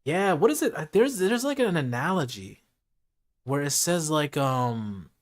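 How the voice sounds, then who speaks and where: A man's voice: on the high side, very animated, a little slow. A man streaming a late-night casual chat, earnest and reflective, talking things through with lots of "like" and "you know.".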